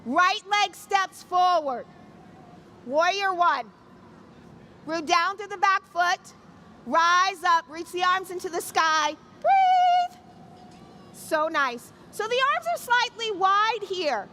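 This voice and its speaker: A woman's voice: very high-pitched, slow pace, noisy background. A middle-aged woman teaching an outdoor yoga class, giving playful, encouraging cues and jokes. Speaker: yoga instructor. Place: outdoor city square event.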